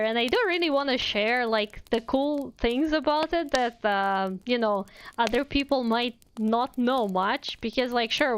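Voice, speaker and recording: A woman streamer with a Russian accent, reading fairy tales aloud and chatting casually, full of "like" and "you know". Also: high-pitched. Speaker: VTuber streamer. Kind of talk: casual livestream chat and fairy-tale reading.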